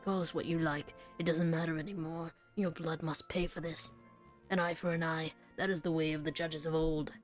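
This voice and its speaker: Brief: grim male villain, lowered voice, slow menace, played by a woman. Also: level tone, faint music behind, lightly acted. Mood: menacing. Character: gruff vengeful male villain. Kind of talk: game voice acting.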